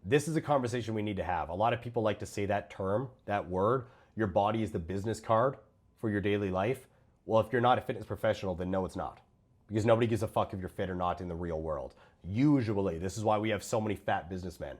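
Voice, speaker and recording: A man's voice: on the low side, quick pace. A man giving blunt, profane reaction commentary on other creators' fitness videos. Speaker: host reviewing fitness coaches' videos.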